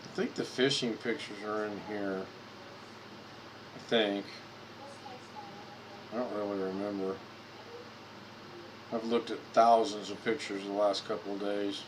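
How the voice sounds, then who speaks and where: A man's voice: fairly low pitch, steady tone, unhurried, pauses often, background noise. Rambling man on a live stream. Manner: rambling, repeats words while browsing photos. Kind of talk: casual live-stream chat.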